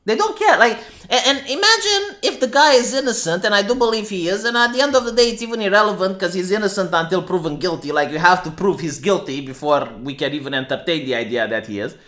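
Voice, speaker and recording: A man's voice: high-pitched, fast talker, few pauses, bright, forceful tone. A man with a Romanian accent giving opinionated, sarcastic livestream commentary, often restarting his sentences. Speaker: streamer.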